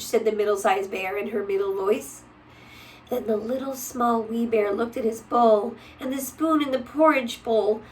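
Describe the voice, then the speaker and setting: A woman reading a picture book aloud to a child, gentle and often dropping to a whisper. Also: fairly high pitch, unhurried, far from the mic, a little hiss or hum, poor audio.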